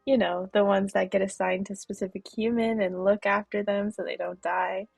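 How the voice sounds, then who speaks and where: A woman voicing a boastful, teasing male guardian angel with old-man energy while reading game dialogue aloud, in a gravelly, husky voice. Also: medium pitch, steady tone, moderate pace, no echo.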